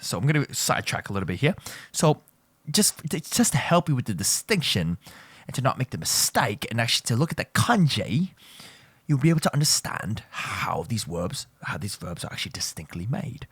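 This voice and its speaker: A man's voice: mid-range voice, fairly bright tone, slightly rough, dry recording. A man giving a casual, joking language lesson, teasing his students and repeating points as he goes. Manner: playful, teasing, repeats and self-corrects. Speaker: Japanese language teacher.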